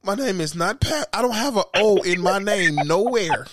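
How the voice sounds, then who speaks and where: A man hosting a podcast, telling stories in a casual, profane, animated way. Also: sits high, normal speed, dry recording, clean studio sound. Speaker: podcast host.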